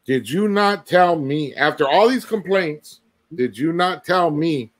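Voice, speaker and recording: A man's voice: fairly high pitch, expressive, unhurried. A man, a former co-host, arguing tersely and demanding yes-or-no answers. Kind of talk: heated confrontation.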